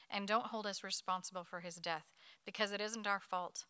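A woman leading a Bible study, reading a scripture passage aloud to her group at a quick pace. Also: mid-range voice, clean tone, no room sound. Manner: quick, lively reading with light laughs.

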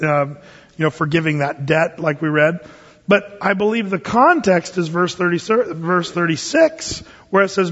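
A man with a fairly high voice gives a relaxed, folksy Bible sermon with joking asides. His words ring out with a long reverb, as if he is in a large hall. The sound is muffled and lo-fi. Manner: folksy, with humorous asides and slow scripture reading. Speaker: pastor. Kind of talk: conversational Bible teaching sermon.

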